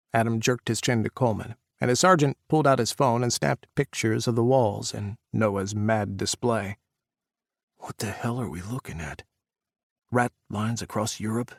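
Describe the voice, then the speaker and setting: A man narrating an audiobook, voicing the characters' shouts during the action scenes. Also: mid-range voice, vocal fry, no room sound, studio quality. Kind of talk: scripted narration.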